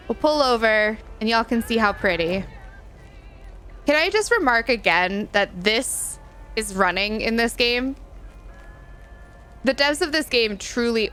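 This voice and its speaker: Girl streamer chatting w/ chat while playing, kinda high voice, faint music behind. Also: fairly bright tone. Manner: chatty, reads and answers chat, giggles often. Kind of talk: casual live-stream chat while gaming.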